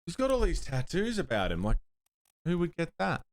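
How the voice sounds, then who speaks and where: Lively-voiced man thinking aloud on stream. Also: fairly high pitch, normal speed, dry recording. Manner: thinking aloud, muttering, swearing; bursts of excited chat greeting viewers. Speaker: livestreamer playing a puzzle game. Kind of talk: live gameplay commentary.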